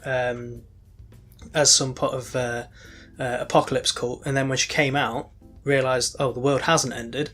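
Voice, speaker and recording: A man's voice: medium pitch, level tone, measured pace, sharp tone, soft background music. A man co-hosting a podcast, rambling casually with many ums and restarts. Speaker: podcast co-host. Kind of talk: casual chat.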